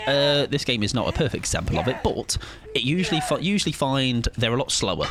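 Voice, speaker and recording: A man's voice: mid-range voice, a bit bright. Guy streaming, jokey, voice jumps up and down a lot, game noise behind. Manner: chatty, jokey, reads chat aloud. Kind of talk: casual live-stream chat while gaming.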